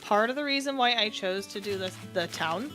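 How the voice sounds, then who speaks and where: Chatty woman streamer over soft music. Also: mid-range voice, animated, moderate pace. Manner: rambling, self-deprecating, chatty with viewers. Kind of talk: casual livestream chat while playing.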